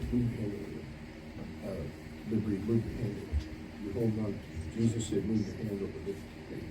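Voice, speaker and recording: A camp preacher, a man with a middle-pitched voice, teases the kids and snaps out quick commands. He sounds far from the microphone in a big echoey hall. Steady noise hangs behind him. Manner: playful teasing, barking quick commands. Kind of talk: leading a game for campers. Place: camp meeting hall with campers. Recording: echoey hall, distant mic, noisy.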